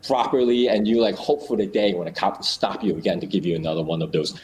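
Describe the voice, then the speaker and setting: Man, low voice, casual storytelling, lots of fillers and restarts, faint background hiss. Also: fairly even intonation, fast. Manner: storytelling, many fillers and restarts, acts out little scenes. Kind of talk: casual explanatory chat.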